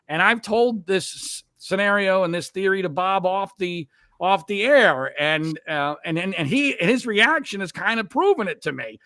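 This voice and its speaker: A man's voice: sits high, expressive, normal speed, sharp tone, no room sound, clean studio sound. A man in his late fifties, a podcast guest talking casually, emphatic and sarcastic, often repeating words as he starts a thought. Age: 50s.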